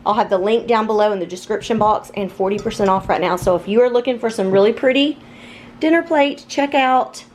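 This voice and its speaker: A woman with a drawl talks through a home cooking session, chatty and relaxed, tossing in y'all often. Her pitch sits mid-range for a woman, with faint household sounds in the kitchen behind her. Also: fairly quick, a little hiss or hum. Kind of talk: casual cooking chat.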